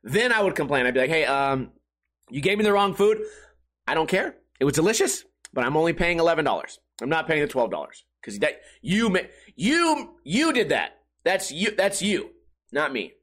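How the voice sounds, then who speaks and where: A man's voice: a little high, big pitch swings, normal speed, a bit bright. A young man hosting a solo podcast, rambling casually with lots of swearing and laughing at his own jokes. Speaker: podcast host.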